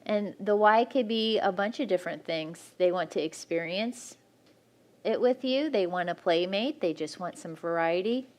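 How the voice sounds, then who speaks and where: A woman's voice: mid-range voice, normal speed, a little mellow. A woman speaking frankly and practically at a church marriage workshop, teaching couples.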